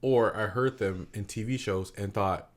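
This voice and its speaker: A woman's voice: a bass voice, normal speed. A woman co-hosting a podcast, chatting casually and joking, from outside the South. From not from the South. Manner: joking, loud bursts of laughter, puts on a Southern drawl. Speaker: podcast co-host. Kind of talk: casual chat.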